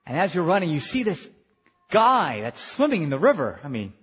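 A high-voiced male pastor preaching a retreat sermon with big swings of pitch, sometimes dropping low and quiet, sometimes shouting. His voice is a bit husky and rings out in a long hall reverb. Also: normal speed. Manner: animated, swings from hushed to shouting.

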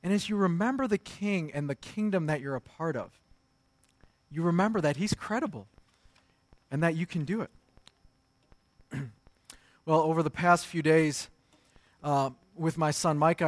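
A man in his thirties with a fairly high voice gives a sermon. He talks to the congregation in a relaxed, conversational way and drops into stories about his young sons. The sound is close and dry, with almost no room echo. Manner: conversational preaching with personal family stories. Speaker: pastor.

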